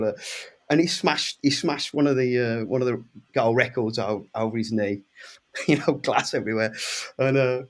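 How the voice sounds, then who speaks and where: English man in his sixties telling animated stories. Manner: lively anecdotes, acts out quoted voices with big pitch jumps. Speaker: guest musician. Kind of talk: casual storytelling.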